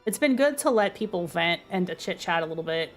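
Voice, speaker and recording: A young adult woman with a low, dark speaking voice, chatting casually on a stream with lots of fillers and self-deprecating asides. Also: animated, brisk, soft background music.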